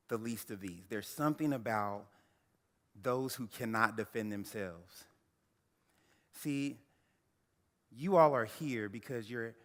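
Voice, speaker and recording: An earnest man in his thirties tells his own story as a guest speaker. He leans on slow, emphatic phrases in a lowish voice. Long reverb from a large hall trails his words. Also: a bit bright. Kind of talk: personal story speech.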